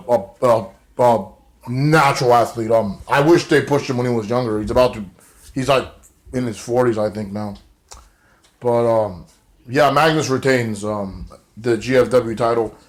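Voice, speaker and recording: A man recapping a wrestling show in a rambling, casual way, full of fillers and swearing. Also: medium pitch.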